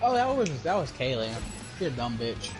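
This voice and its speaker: A young man chatting casually with friends on a stream, telling animated stories, swearing freely and laughing often. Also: mid-range voice, moderate pace, music in the background. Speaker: gamer on a voice-chat stream. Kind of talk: casual chat.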